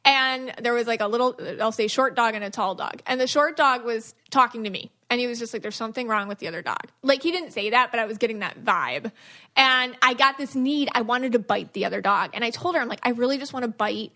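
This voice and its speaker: A woman in her thirties hosting a podcast, telling stories in a lively, chatty way with many fillers. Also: a little high, fast talker. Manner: animated storytelling with many fillers. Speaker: podcast host and psychic reader. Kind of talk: casual podcast chat.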